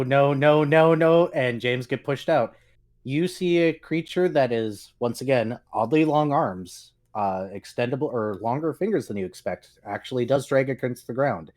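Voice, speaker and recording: A man running a tabletop role-playing game on a stream, describing scenes in a relaxed way with some fillers. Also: medium pitch. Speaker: game master.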